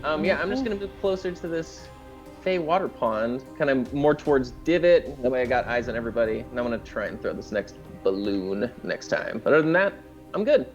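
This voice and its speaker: A relaxed man chats as a player in a tabletop game, his pitch moving a lot. His voice sounds slightly dull and lo-fi, with soft music behind it. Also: fairly quick. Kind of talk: casual game table chat.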